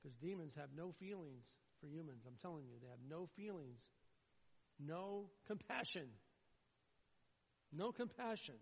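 A man preaching a sermon as pastor, swinging between loud, pleading emphasis and low, somber passages. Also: expressive, a little slow, creaky, long pauses, slightly rough. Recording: dull, muffled sound with long hall reverb.

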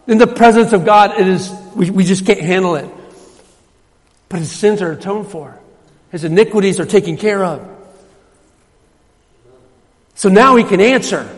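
A man's voice: sits high, moderate pace, pauses often. A man preaching a sermon in a church, emphatic and repetitive, his voice rising when he quotes scripture. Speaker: pastor. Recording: hall reverb.

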